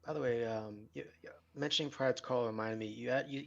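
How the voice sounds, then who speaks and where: A man's voice: mid-range voice, fairly even intonation, brisk, creaky. A man playing a tabletop game, hesitant and stumbling over his words. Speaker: player. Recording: dull lo-fi mic.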